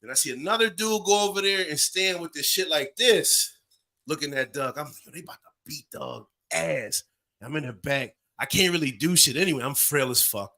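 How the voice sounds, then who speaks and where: A man in his forties telling a story in casual podcast talk, animated and acting out voices and sounds. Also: a little high, fairly quick. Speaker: podcast co-host.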